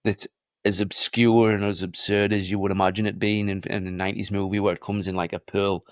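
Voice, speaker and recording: A man with a very deep voice co-hosts a casual podcast. He retells film scenes with sweary, eager enthusiasm. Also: flat delivery, a little fast, no room sound, studio quality. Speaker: podcast co-host. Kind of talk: casual movie chat.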